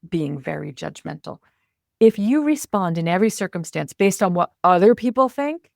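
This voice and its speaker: An expressive woman speaking as a coach in a conversational interview. Her voice sits low, with a noticeable gravelly fry. She is recorded in a dry, close space with no room echo. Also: normal speed, hardly any pauses. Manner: animated and expressive, acts out inner self-talk. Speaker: podcast guest, communication coach.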